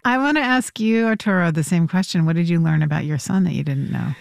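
Low-voiced woman hosting an interview. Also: quick pace, gravelly, no echo, studio quality. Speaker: radio host.

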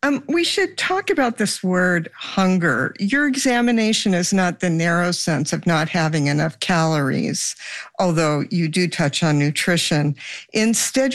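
An interviewer asking deliberate, probing questions. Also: medium pitch.

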